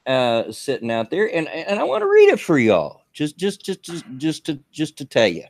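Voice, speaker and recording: A man hosts a live stream in a folksy, rambling style, full of fillers and restarts, chatting casually. His voice is fairly high with huge swings in pitch, at a normal speed, and the studio-quality recording has no echo.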